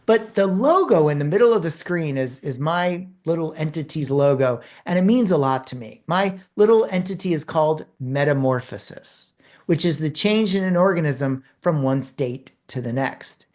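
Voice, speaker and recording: A woman who works as a speaker and communication trainer, giving a course lecture in an animated storytelling manner with emphatic pauses. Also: deep voice.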